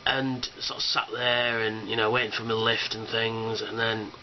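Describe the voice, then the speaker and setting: A man's voice: on the low side, flat delivery, normal speed, muffled recording, slight background noise. A man rambling casually about a fan convention, enthusiastic and swearing, with lots of fillers. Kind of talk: casual rambling video response.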